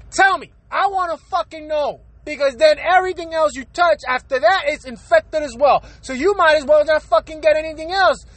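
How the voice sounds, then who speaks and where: A woman delivering a profane, exasperated solo rant, firing off rhetorical questions. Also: high voice. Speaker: vlogger.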